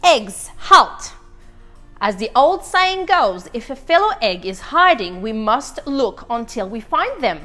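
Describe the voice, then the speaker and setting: A woman's voice: a little high, big pitch swings, takes it slowly, bright, forceful tone, faint music behind, full character voice. A woman voicing a chatty, easily flustered little male egg who leads his friends, in a storytime read-aloud. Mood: determined.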